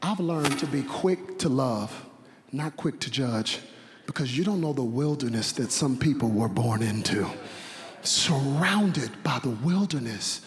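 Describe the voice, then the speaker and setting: A young man preaching a sermon, animated, asking rhetorical questions, shouting at the peaks and dropping quiet in between. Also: fairly high pitch. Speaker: pastor. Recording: long reverb of a large hall.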